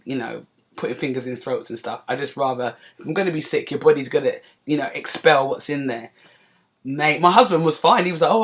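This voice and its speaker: Chatty London woman telling a story. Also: low-pitched. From North London, England. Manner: lively anecdotal, chatty asides to listeners. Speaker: podcast host. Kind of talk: casual storytelling monologue.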